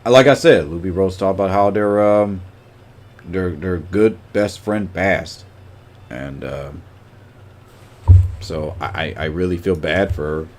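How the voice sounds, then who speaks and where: A man's voice: low voice, slow pace, long pauses. A man chatting casually on a livestream, greeting viewers by name and rambling with lots of fillers.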